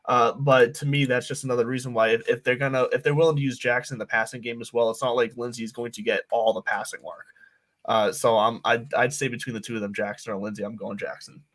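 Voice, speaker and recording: A man hosting a fantasy football show, thinking out loud and checking stats as he talks. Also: medium pitch, flat delivery, quick pace. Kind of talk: casual sports chat.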